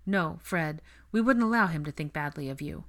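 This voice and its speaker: A woman voicing a protective, sharp-tongued young woman in a storybook reading, in her own low voice. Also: animated, normal speed. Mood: firm. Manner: snappy, reassuring.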